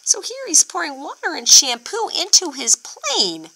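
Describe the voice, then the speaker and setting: Expressive woman reading to children. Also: high voice, a little slow, few pauses, rough recording. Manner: expressive, asks children questions. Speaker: storyteller for children. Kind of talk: children's picture-book read-aloud.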